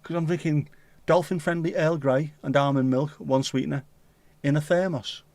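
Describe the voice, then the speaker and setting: A man's voice: on the high side, steady tone, normal speed, a little mellow, no echo. A man with a Scouse accent hosting a livestream, chatting casually in a rambling, jokey, sweary way. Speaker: livestream host. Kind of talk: casual chat.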